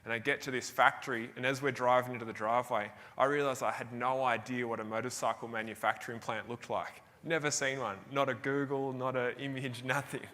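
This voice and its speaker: Bright-voiced Australian man on stage. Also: mid-range voice, a little fast, hardly any pauses. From Tasmania, Australia. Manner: energetic storytelling, laughs often. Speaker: keynote speaker. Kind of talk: motivational stage talk. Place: large event hall. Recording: long hall reverb.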